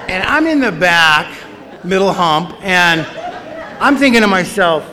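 A man's voice: high voice, animated, slow pace, long pauses, sharp tone, a faint crowd. A middle-aged man telling a funny personal story at a recovery meeting, with a wry, self-mocking manner. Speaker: speaker sharing his story at a recovery meeting. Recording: long reverb of a large hall.

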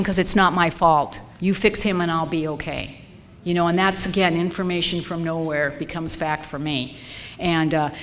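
A woman sharing her personal story at a recovery meeting, candid and emphatic, repeating phrases for weight. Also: lowish voice. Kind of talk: personal testimony. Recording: reverberant hall with faint ambience.

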